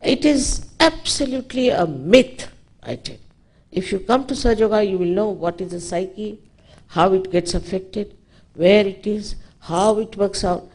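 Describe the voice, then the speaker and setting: An Indian woman speaks to a public audience as a spiritual teacher, her English carrying a clear Indian accent. She lectures with emphasis and slips into stories and asides, pitched in a middle register for a woman. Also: moderate pace, darkish tone.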